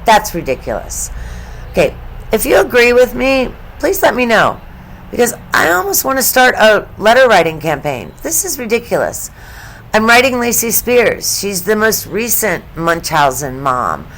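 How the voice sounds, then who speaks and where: A woman's voice: medium pitch, sing-song, moderate pace, a bit bright. A woman in her fifties hosting her own true crime channel, giving blunt, opinionated commentary with swearing and chuckles at grim details. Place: home studio.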